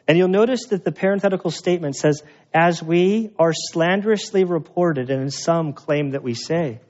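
A man's voice: on the high side, moderate pace, a little mellow, highs cut off. A man, a pastor, preaching a verse-by-verse sermon in a conversational, emphatic way with self-deprecating humor. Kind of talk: expository sermon.

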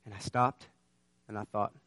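A man's voice: on the low side, steady tone, normal speed, a bit bright, no echo. A man preaching a sermon. He tells a personal story in an earnest, conversational way and turns it into urgent warnings. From southern United States. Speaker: pastor.

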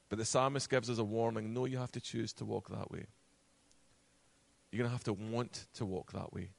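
A man preaching a sermon, animated, acting out quoted voices, and dropping to a soft, low voice for emphasis. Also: normal speed, creaky, long pauses. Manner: acts out quoted voices and asides.

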